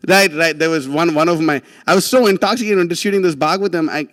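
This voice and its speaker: Animated man telling a story in a hall. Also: on the high side, fast talker. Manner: animated, with many restarts and laughs. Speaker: devotee giving a class. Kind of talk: casual storytelling talk.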